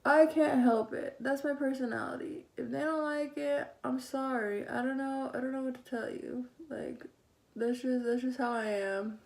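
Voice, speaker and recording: A woman's voice: sits high, fairly even intonation, moderate pace, creaky, darkish tone, a little hiss or hum. A young woman chatting casually as she does her makeup, sassy and sarcastic, swearing freely. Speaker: beauty vlogger. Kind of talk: casual get-ready-with-me chat.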